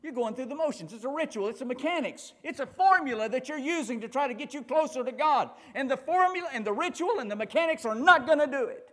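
A man voicing a fiery adult male prophet who rebukes a crowd in fierce, rapid bursts. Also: very high voice, expressive, a bit bright, in a large hall, voice pushed up. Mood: scolding.

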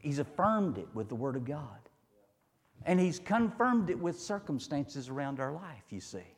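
A man's voice: a little high, big pitch swings, normal speed, long reverb tail. A man preaching a sermon in a folksy, storytelling way, repeating his phrases and asking the listeners "huh?".

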